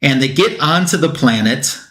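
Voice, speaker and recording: A man's voice: medium pitch, expressive, normal speed, a bit bright, echoey room. A man on a comic book talk show retelling a plot in a casual, rambling way, with fillers and quotes that he acts out.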